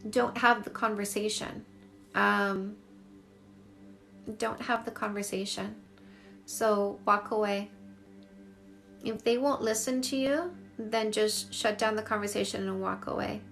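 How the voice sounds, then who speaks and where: A woman's voice: medium pitch, steady tone, unhurried, creaky, long pauses, a bit bright, faint music behind. A dating coach in her forties from Canada, talking candidly on a livestream, answering viewer comments and repeating her points for emphasis. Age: 40s.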